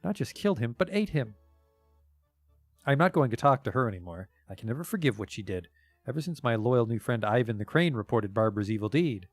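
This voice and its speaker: A man's voice: medium pitch, lively intonation, a little fast, no echo, faint music behind. A man voicing a plaintive egg-laying young woman. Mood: bitter. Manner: sing-song rhymes turning to bitter grief. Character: odd young woman who lays eggs, plaintive and bitter.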